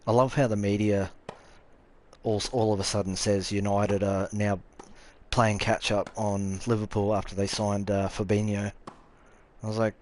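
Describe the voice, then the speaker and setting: A young Australian man with a fairly low voice talks casually through a live game stream. He is offhand and sweary, and he answers viewers' comments as they roll in. A faint hum of room noise sits under his voice. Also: little pitch movement, moderate pace, darkish tone. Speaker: gaming streamer.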